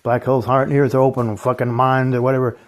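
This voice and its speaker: A man's voice: mid-range voice, flat delivery, fast talker. Man ranting, bitter and profane. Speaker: channel host. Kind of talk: angry ranting vlog.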